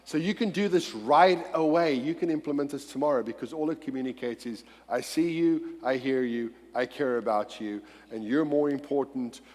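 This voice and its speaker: A man's voice: medium pitch, normal speed, hardly any pauses, darkish tone. A man co-presenting at a church conference breakout session, adding practical points with wry jokes. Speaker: conference speaker. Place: large church hall. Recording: long hall reverb.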